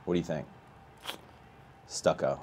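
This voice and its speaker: A man playing a baseball video game live, chatting with viewers and ranting with a voice that climbs high when he gets outraged. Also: fairly even intonation, measured pace, background noise. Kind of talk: live gameplay commentary and chat.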